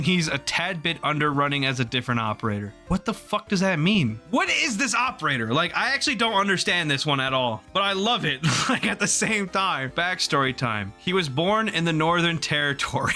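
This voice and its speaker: A man giving casual gaming reaction commentary, excitable and incredulous, laughing often and swearing freely. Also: on the high side. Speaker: gaming video creator.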